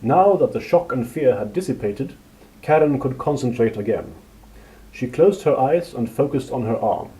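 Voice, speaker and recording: A man narrating a fantasy story in a steady, measured reading. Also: medium pitch, rough recording.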